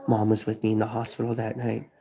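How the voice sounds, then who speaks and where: A man's voice: fairly low pitch, monotone, quick pace, mellow, rough recording. A man in his thirties talking to viewers on a live stream, grieving, rambling and swearing as he repeats himself. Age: 30s. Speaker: vlogger. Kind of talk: emotional live stream talk.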